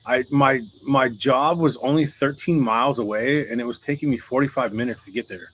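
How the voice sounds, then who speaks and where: A man's voice: mid-range voice, brisk, fairly bright tone, a little hiss or hum, low-quality recording. Joking co-host, a man with a light Southern drawl and a surfer edge. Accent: mild Southern US mixed with Californian surfer. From American South. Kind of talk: casual live chat.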